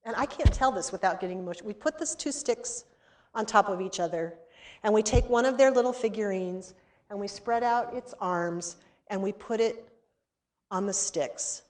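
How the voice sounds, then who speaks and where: A woman giving a lecture who tells a story with animation and acts out the dialogue, slowing and softening at solemn moments. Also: mid-range voice. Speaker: seminary lecturer.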